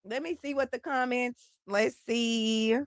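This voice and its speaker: Woman running a live podcast, kinda high voice, dry close sound. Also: steady tone, unhurried, no echo. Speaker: podcast host. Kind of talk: live stream chat.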